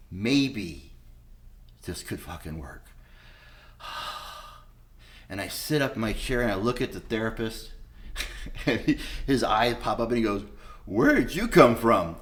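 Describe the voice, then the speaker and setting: A middle-aged man giving a candid personal testimony, blunt and unpolished, with frequent swearing, re-enacting past conversations as he talks. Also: medium pitch. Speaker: speaker telling his recovery story.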